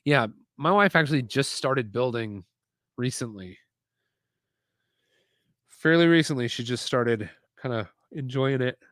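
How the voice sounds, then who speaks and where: A man's voice: mid-range voice, expressive, a little slow, pauses often, a bit bright, no echo. Chatty man on a live stream, dry sound. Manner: chatty, rambling, reads chat aloud. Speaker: live-stream host building toy sets. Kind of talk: casual live-stream chat. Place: home desk setup with screens.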